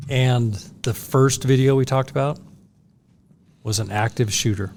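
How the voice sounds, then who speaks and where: A man co-hosting a podcast, summing up points in a measured, steady way. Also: medium pitch, slight background noise. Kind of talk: casual podcast discussion.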